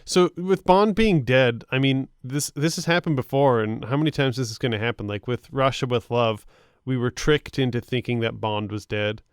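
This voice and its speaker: A man's voice: mid-range voice, normal speed, smooth, no room sound, studio quality. A man co-hosting a podcast, giving easygoing casual opinions on a film. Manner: easygoing, laughs along, frequent agreeing fillers. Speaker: podcast co-host. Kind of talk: casual film review chat.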